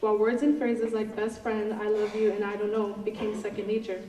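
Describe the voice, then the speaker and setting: A woman's voice: mid-range voice, level tone, brisk, dark tone, a little hiss or hum. Teen woman giving a graduation speech. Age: teens. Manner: earnest, slightly nervous reading. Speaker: senior class president. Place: large auditorium. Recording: echoey hall from far off.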